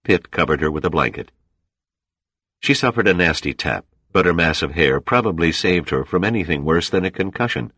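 Very deep male audiobook narrator. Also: expressive, moderate pace, pushed and bright, husky, dry recording. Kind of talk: scripted narration.

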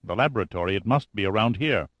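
A man's voice: lowish voice, lively intonation, fast talker, fairly bright tone, dry recording, highs cut off. A man voicing a confused, anxious Soviet man who speaks urgently in a dry audiobook reading. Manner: urgent, increasingly desperate.

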